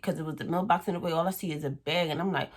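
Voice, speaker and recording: A young woman telling a storytime on her vlog in a casual, animated way, acting out what people said. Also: low-pitched, racing. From Philadelphia area. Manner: animated, acts out quoted voices, swears freely. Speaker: vlogger.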